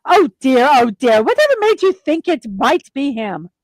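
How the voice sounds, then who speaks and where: A woman's voice: sits high, sing-song, moderate pace, darkish tone, no room sound. A woman voicing a fretful, kindly father of a poor family.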